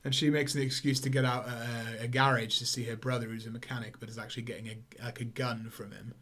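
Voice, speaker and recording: A man's voice: mid-range voice, little pitch movement, quick pace, a bit bright. A man co-hosting a podcast, chatting casually and rambling about a film with lots of fillers. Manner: rambling, many fillers, acts out quotes in silly voices. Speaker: podcast co-host. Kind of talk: casual film review chat.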